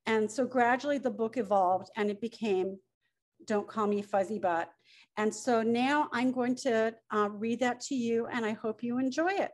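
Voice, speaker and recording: A middle-aged woman, the author, reading her picture book aloud with expressive storytelling. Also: fairly high pitch, normal speed. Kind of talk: children's story read-aloud.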